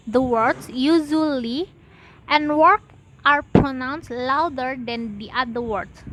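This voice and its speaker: A woman's voice: sits high, fairly bright tone, slight background noise, poor audio. A young woman, a student, reading out a class presentation in a careful, list-like way. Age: young adult. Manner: slow, careful, list-like delivery.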